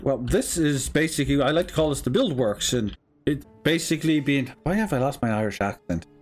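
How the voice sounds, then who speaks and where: A man's voice: medium pitch, expressive, fairly quick, faint music behind, close to an everyday voice. A man voicing a cheerful, short male builder who runs a tavern. He plays him in a tabletop game with a fake Irish brogue that keeps slipping. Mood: earnest. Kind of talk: tabletop role-play character voice.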